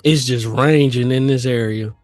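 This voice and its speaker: A man's voice: medium pitch, normal speed, no room sound, soft background music. A man co-hosting a trading livestream in casual slangy banter, feeling unwell and coughing a bit. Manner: laid-back slangy banter, hums and sings bits. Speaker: co-host trader.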